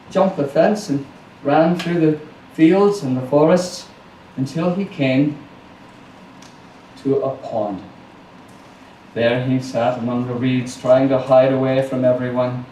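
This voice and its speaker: A man's voice: a little high, warm tone, a little hiss or hum. A man telling a folk tale live to a small audience, playful, with chatty asides. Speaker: storyteller. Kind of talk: live storytelling performance. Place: small house concert venue. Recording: roomy live recording from a distance.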